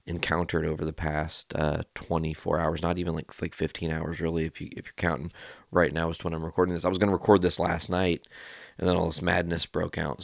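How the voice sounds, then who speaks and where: A man hosting his podcast, telling a personal story in a casual, rambling, animated way and swearing freely. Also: low voice, vocal fry, no echo, studio quality. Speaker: podcast host.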